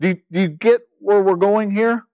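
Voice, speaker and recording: A man's voice: high-pitched, clean tone, no echo, lo-fi sound, pitched above the performer's own voice, lightly acted. Man putting on exasperated nagging disciples. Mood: annoyed, incredulous. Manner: incredulous, nagging rapid questions. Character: exasperated male disciples pestering their leader.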